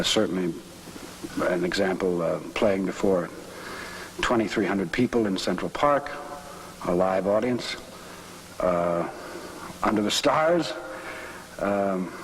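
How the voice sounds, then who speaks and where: A male actor answering interview questions in a measured, thoughtful way with frequent hesitations. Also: lowish voice, slight background noise, rough recording.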